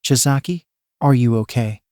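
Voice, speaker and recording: A man's voice: mid-range voice, normal speed, darkish tone, dry recording, clean studio sound, natural voice. A man reading a teasing, amused male villain friend.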